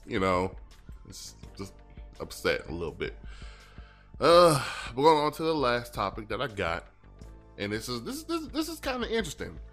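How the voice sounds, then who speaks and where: Animated man on a casual podcast. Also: mid-range voice, moderate pace, long pauses, faint music behind. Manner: animated, swearing, acts out voices. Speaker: podcast co-host.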